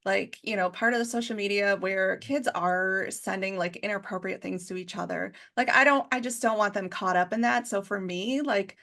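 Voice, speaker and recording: A woman who works in school district communications, talking as an interview guest in a chatty, casual way, full of filler words and quick to laugh. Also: medium pitch, vocal fry, a bit bright. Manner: chatty, heavy use of 'like' fillers, laughs easily.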